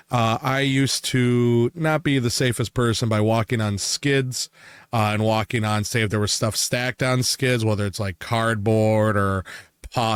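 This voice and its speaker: A man's voice: medium pitch, clear, resonant tone, no room sound, studio quality. A young man co-hosting a casual chat, telling work stories and laughing often as he talks. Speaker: podcast co-host.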